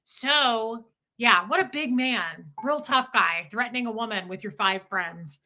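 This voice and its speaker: A woman co-hosting a casual livestream chat, telling a story in an animated way and acting out what people said. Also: fairly high pitch, unhurried. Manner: animated storyteller who acts out quotes. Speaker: livestream co-host.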